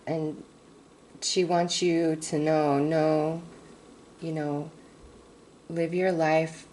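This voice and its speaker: A woman giving a casual tarot reading to her viewers, talking haltingly with many fillers and pauses. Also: low voice, level tone, darkish tone, a little hiss or hum, poor audio. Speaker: tarot reader.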